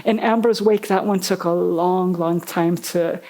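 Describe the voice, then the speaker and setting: A woman's voice: lowish voice, steady tone, measured pace, warm tone, rough recording. A woman novelist talking with an interviewer at a live festival event. She is chatty, laughs often and acts out the people she quotes.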